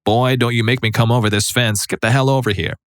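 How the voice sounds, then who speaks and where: A man voicing a huge, gruff biker who swears and teases with mock threats. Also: mid-range voice, quick pace, no echo, clean studio sound, natural voice.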